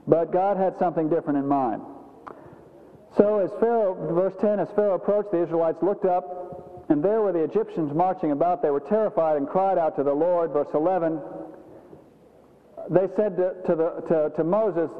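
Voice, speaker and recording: A man delivering a sermon in an animated way, slipping into quoted voices as he goes. His voice sits high for a man. The sound is dull and carries a long hall reverb. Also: moderate pace. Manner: animated, acts out quoted voices with rising pitch. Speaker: pastor.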